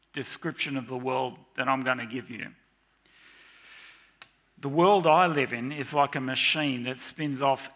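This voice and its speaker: Male preacher in a church, unhurried and earnest sermon delivery, bright tone with a gravelly edge. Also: mid-range voice. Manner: earnest, confessional. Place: church with slides.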